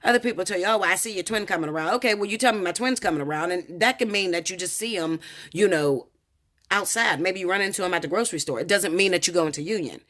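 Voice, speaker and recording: A woman's voice: fairly low pitch, fast talker, fairly bright tone. An American woman tarot reader telling a personal story to her viewers in a blunt, profane, emphatic way, often repeating "okay?".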